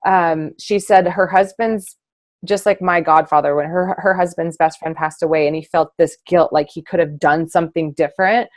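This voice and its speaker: A woman hosting a casual conversation, expressive and animated, acting out her own past thoughts with laughter. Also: on the low side, moderate pace, dry recording. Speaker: host, naturopath.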